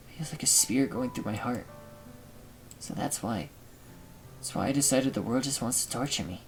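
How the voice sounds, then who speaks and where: A man reading aloud the lines of a sad, shy teenage girl from a visual novel game, in a quiet, subdued way. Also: medium pitch, lightly acted, low-quality recording.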